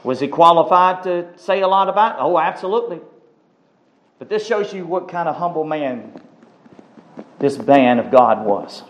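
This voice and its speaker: A man's voice: a little high, animated, normal speed, pauses often, a bit bright, low-quality recording. A man preaching a sermon, emphatic and given to repeating words for stress.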